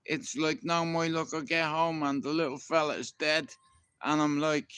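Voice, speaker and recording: A man's voice: on the high side, level tone, normal speed, a bit bright, smooth, no echo. Man, Dublin Irish accent, middle-aged, rambling storyteller, swears a lot, close dry sound. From Ireland. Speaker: live streamer. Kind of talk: casual live-stream storytelling. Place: outdoors in a garden.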